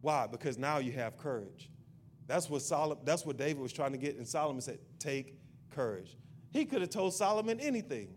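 A man's voice: a little high, expressive, quick pace, slight background noise. A male pastor preaching a sermon in a church. He repeats his point insistently and builds into a fervent prayer.

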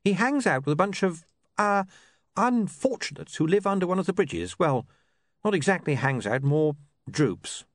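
A man's voice: high voice, sing-song, moderate pace, dry recording, clean studio sound, voice pushed up. A man voicing an earnest, polite young male newspaper writer who gets flustered and stammers.

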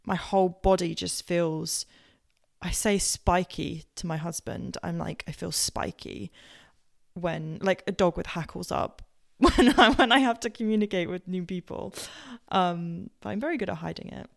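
A woman with a posh southern English accent hosts her podcast and tells personal stories. Her voice sits a little low and has a strong vocal fry. She rambles along with plenty of fillers and self-corrections. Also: normal speed. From Southampton, England. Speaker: podcast host. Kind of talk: casual personal storytelling.

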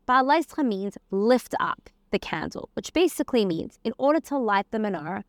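A woman's voice: on the high side, sing-song, a little fast, dry recording, studio quality. A woman giving a conversational Torah lesson, weaving Hebrew terms and verses into her explanation. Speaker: Torah teacher. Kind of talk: casual spoken lesson on the weekly portion.

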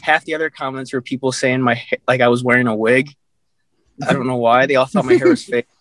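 A man's voice: mid-range voice, steady tone, quick pace, a bit bright, dry recording. A young man chatting casually on a podcast, telling rambling stories and laughing at himself. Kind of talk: casual chat.

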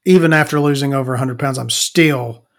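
A podcast host tells crude stories in a rambling, casual monologue, calling himself Victoria and using frequent fillers and restarts. His medium-pitched voice has vocal fry and moves a little fast.

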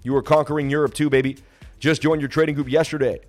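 A man's voice: a little high, flat delivery, fast, faint music behind. A man hosting a crypto livestream, chatting casually and emotionally while reading viewer comments and begging for likes. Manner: rambling, emotional, pleading for likes. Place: traveling, streaming from Miami.

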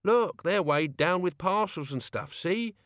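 A man voicing a grumpy old male servant who frets and complains in rough everyday speech. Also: high-pitched, animated, a little slow, a bit bright, dry recording, studio quality, pitched above the performer's own voice. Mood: complaining.

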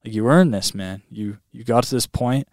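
A man, a podcast guest, telling a story in a casual, animated way, full of "like" and "man". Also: medium pitch, moderate pace, no echo, clean studio sound. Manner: animated, heavy on fillers like "like" and "man". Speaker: guest recounting a long lake swim.

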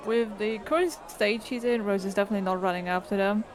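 A woman's voice: medium pitch, fairly even intonation, fast, some chatter behind. A woman player in a tabletop game, narrating her character's actions in a laid-back way. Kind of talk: tabletop role-play narration.

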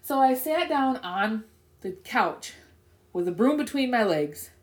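Female podcast co-host: a lively, higher-pitched storyteller who talks casually and swears freely. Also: a little slow, echoey room. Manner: animated, profane, laughing storyteller.

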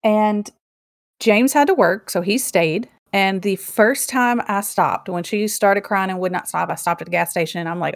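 A woman's voice: medium pitch, moderate pace, no echo, studio quality. A young woman co-hosting a podcast, chatting casually and telling a self-deprecating story. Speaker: podcast co-host.

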